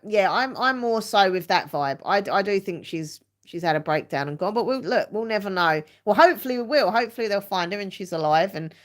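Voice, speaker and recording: A woman with a British accent chatting casually with viewers on a live stream from her front room. She rambles, restarts her sentences and uses lots of fillers. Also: medium pitch. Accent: British English.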